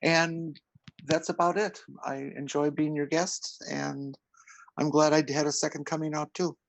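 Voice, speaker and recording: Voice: medium pitch, level tone, unhurried, vocal fry, dry recording, low-quality recording. A podcast guest chatting casually who hesitates and often repeats words. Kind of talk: casual chat.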